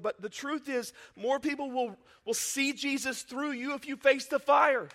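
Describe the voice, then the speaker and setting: A man preaching a lively sermon as pastor, acting out Bible scenes in playful voices. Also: very high voice, normal speed, hardly any pauses. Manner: energetic, acts out Bible scenes in character voices.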